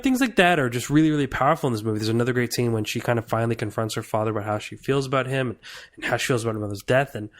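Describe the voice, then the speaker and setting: A young man giving a casual, earnest film review on a podcast, rambling and restarting his thoughts. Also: mid-range voice.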